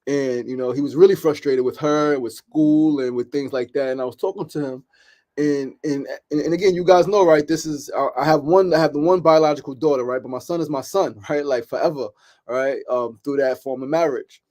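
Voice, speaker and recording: Host: reassuring man, fairly high voice, keeps checking in. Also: fairly quick, a little mellow. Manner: reassuring, keeps asking "right?". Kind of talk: supportive discussion hosting.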